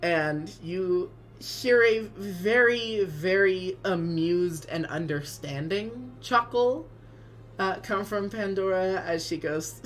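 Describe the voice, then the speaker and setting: A woman's voice: mid-range voice, slow. A woman narrating a tabletop game as game master, hedging her words and laughing often.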